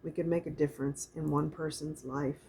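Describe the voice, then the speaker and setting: A middle-aged woman giving a casual spiritual oracle card reading, talking in a soft, meandering way and reading card texts aloud slowly. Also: low-pitched, steady tone, vocal fry, slight background noise.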